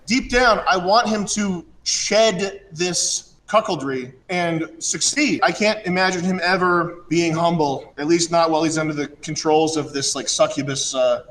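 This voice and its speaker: Man with a high voice, casual rambling talk, mocking tone, faint background hiss. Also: measured pace, few pauses. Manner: rambling, mocking, bursts into shouting rants. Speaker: show host. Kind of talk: casual chat.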